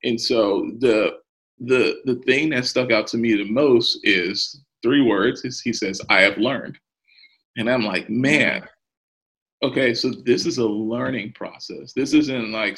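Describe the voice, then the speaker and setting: A pastor talks earnestly and openly about his faith and the hard times he's faced in a podcast interview, letting out an occasional nervous laugh. His voice is lowish with a fairly bright tone and a breathy edge, and the recording quality is poor.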